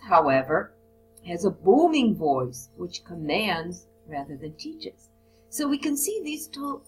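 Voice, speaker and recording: A woman teaching a recorded lesson on writing business reports. She reads model sentences and lists of phrases aloud, then stops to explain how they work. Faint music plays quietly behind her voice. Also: medium pitch, low-quality recording. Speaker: English teacher.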